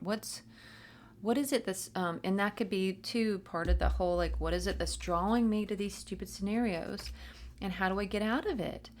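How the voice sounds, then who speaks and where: A woman's voice: medium pitch, moderate pace, a little mellow. A woman doing a spiritual reading, talking to her viewers in a chatty, rambling, encouraging way with a self-mocking streak. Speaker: spiritual reader, channel. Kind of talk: casual spiritual pep talk to camera.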